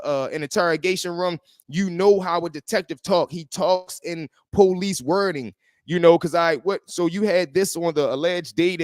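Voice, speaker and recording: A man hosting a casual livestream, talking in animated slang and greeting people in the chat. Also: on the high side, no echo, clean studio sound. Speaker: livestream host.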